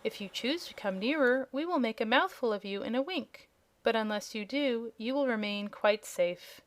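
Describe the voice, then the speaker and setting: A woman's voice: fairly high pitch, normal speed, close to an everyday voice. Woman reading as a proud young dragonette. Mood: haughty polite. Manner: polite, regretful, slightly haughty. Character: proud young male dragonette, scaly and hungry. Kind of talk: audiobook character voice.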